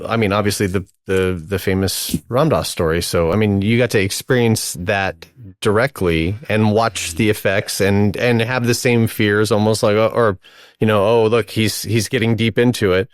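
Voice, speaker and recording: A man's voice: fairly low pitch, moderate pace, dry recording, studio quality. A man hosting a podcast conversation, listening closely, giving short affirmations and then offering reflective follow-ups. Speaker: podcast host. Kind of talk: casual conversation.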